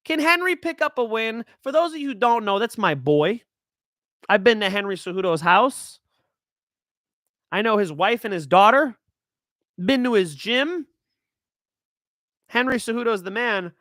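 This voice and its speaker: A man hosting his own show, chatting casually about fight picks in a hype-driven way, swinging between loud and soft. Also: high voice, lively intonation, a little slow, long pauses, dry recording, clean studio sound. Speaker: show host. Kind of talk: casual fight-pick talk.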